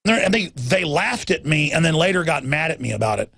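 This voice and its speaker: Ranting gravelly high-voiced man. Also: big pitch swings, fast, a bit bright, dry recording. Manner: ranting, acts out other people's lines. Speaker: talk show host. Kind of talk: impassioned monologue.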